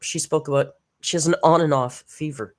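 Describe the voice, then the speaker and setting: A woman's voice: sits low, fairly even intonation, brisk, darkish tone. A woman hosting a live reaction stream, chatting casually, greeting viewers by name and laughing often.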